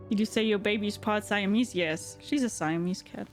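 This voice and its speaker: A woman streaming a game live, chatting to viewers, reading game text aloud and reacting quickly. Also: medium pitch, faint music behind. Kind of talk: live-stream gameplay commentary.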